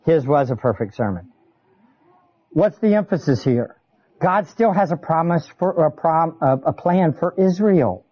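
A man's voice: a little high, measured pace. Guy preaching, voice swings up and down a lot, keeps asking "do you understand?", kinda muffled lo-fi recording. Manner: animated, conversational, asks the audience questions. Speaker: pastor. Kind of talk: expository sermon.

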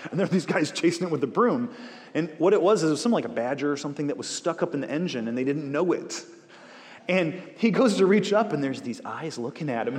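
A man preaching to a congregation, lively and storytelling, repeating words to drive points home. His mid-range voice carries a long reverb from the hall he speaks in. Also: mid-range voice. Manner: animated, repeats words for emphasis, acts out shouting coworkers. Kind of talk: sermon with personal stories.

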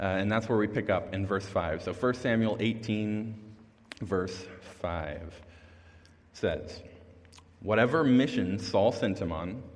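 A young man preaching to a youth group in a relaxed, chatty way, his voice sitting fairly low. He is self-deprecating and chuckles between thoughts. A long hall reverb trails after each phrase. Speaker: youth pastor. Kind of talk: casual youth sermon.

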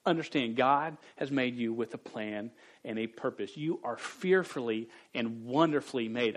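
A man in his forties preaching a sermon to youth, earnest and candid, speaking with a stutter that repeats syllables. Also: on the high side. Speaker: youth pastor.

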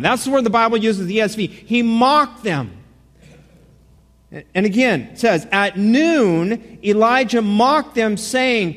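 Casting: male pastor, sermon delivery, high-pitched, lively and joking, recorded with long hall reverb. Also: unhurried. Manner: animated, joking, many repeated starts.

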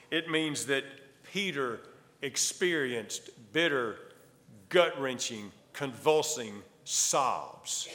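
A man preaching a sermon as a pastor, emphatic and dramatic, swinging between loud declarations and hushed lines. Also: mid-range voice. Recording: long hall reverb.

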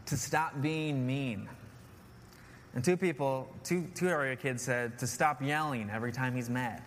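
A man's voice: mid-range voice, a little slow. A man in his thirties, a pastor preaching an earnest sermon and often repeating key phrases with "right?". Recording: long hall reverb, faint noise.

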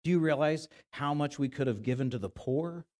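A man voicing grumbling male disciples who mutter to each other, hushed and conspiratorial, in a sermon. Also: a little high, brisk, close to an everyday voice.

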